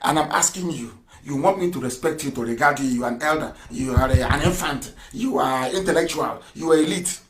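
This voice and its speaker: Male radio broadcaster, high-pitched, fiery sarcastic political delivery with shouted peaks. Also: fairly quick, hardly any pauses. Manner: fiery and sarcastic, with rhetorical questions and bursts of shouting.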